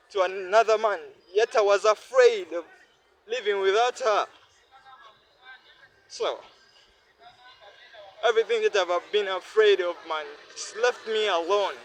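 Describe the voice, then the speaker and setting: A man's voice: high voice, a bit bright, slight background noise, poor audio. A weary young man pouring out his feelings in a heartfelt, repetitive personal vlog monologue. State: weary, worn down. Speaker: vlogger.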